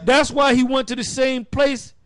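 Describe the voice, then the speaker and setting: Man, casual Bible teacher, high voice, dry recording, loose and emphatic. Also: flat delivery, moderate pace, fairly bright tone, clean tone, no echo. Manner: rambling, restarts, emphatic. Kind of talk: casual preaching.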